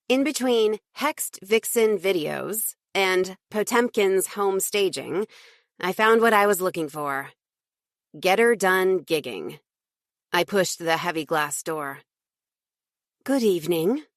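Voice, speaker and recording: A woman reading a first-person audiobook in an even, lightly wry storytelling voice. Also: mid-range voice, no room sound, studio quality. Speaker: audiobook narrator.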